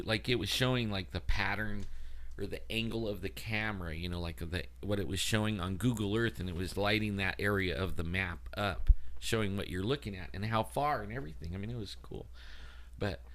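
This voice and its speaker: A man with a fairly low voice co-hosts a paranormal talk show in easy, casual conversation. He rambles through his story, stringing it together with many fillers. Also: fairly bright tone. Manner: rambling, full of "like" and "you know". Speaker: co-host and field investigator. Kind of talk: casual chat.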